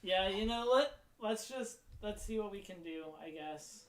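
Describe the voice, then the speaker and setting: A man in a tabletop game speaking earnestly and haltingly in character. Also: sits high, expressive, fairly bright tone, reverberant, low-quality recording. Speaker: player.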